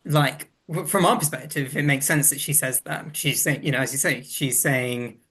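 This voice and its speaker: Welsh man, podcast co-host, casual, mid-pitch, talks while thinking it through. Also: moderate pace, fairly bright tone, husky. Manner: thinks aloud with frequent restarts and hedges. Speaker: guest co-host.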